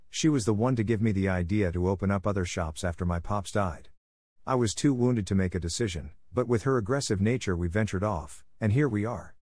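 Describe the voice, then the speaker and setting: A man calmly narrating a first-person story in a plainspoken, unhurried way. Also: lowish voice, no room sound, studio quality. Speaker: audiobook narrator.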